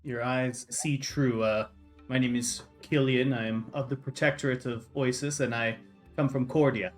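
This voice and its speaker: A grave knight of a far-off order introduces himself slowly and solemnly, played by a man at the table. His speech is archaic and deliberate. Faint music plays behind him. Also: medium pitch, steady tone, lightly acted. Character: solemn male protector knight.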